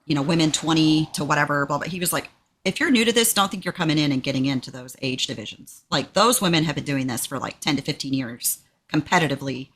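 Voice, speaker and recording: A woman from Texas with a low-pitched, slightly rough voice speaks fast as she co-hosts a podcast. In casual chat she tells a story, animatedly raising her voice to perform the quotes.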